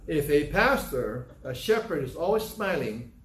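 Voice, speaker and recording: A man preaching a sermon as a pastor, animated, acting out biblical scenes with sudden loud outbursts. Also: a little high, unhurried. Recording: roomy sound from a distance with faint background noise.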